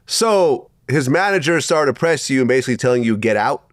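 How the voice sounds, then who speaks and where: A man hosting an interview, giving short prompts and measured commentary. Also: medium pitch, animated, no echo, clean studio sound. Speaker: interview host.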